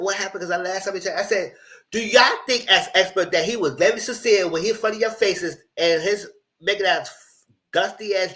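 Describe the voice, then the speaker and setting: A man's voice: high-pitched, fairly bright tone. A man giving a casual live recap of a reality TV show, exasperated and blunt, ranting and swearing as he talks back to the cast.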